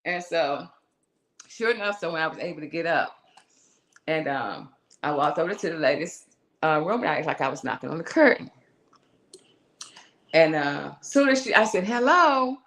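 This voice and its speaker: A woman's voice: sits low, moderate pace, pauses often. A middle-aged woman, a guest musician, telling a personal story in an interview in a loose, conversational way, acting out the voices of the people in it. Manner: animated, acts out the voices in her story; loose, conversational, restarts and asides.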